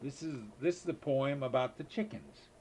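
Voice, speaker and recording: A man's voice: mid-range voice, normal speed, a little mellow, slight background noise. An older man, a grandfather, reading children's poems aloud in a sing-song way, now and then slipping and rereading a line.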